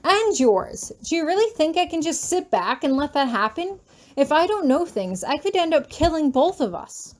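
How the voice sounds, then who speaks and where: Woman reading heated, defiant young student, high voice, fan fiction audiobook. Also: sing-song, normal speed. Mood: shouting. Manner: heated, raised and pleading.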